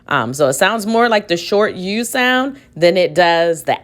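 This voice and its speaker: A woman's voice: on the low side, animated, measured pace. A woman teacher giving a recorded reading lesson for children at home, patiently sounding out words aloud.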